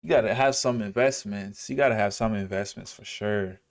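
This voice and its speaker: A man's voice: lowish voice, moderate pace, creaky. A man from Dallas, chatting casually with viewers on a livestream while he walks through stock charts. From Dallas, Texas. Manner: laid-back, chats with viewers while reading charts. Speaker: livestreamer teaching trading.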